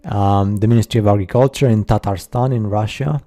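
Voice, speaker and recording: Dark-voiced man, halting skeptical narration. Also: lowish voice. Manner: halting, many fillers and restarts, skeptical asides. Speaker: narrator of a slideshow video. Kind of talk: casual voice-over commentary.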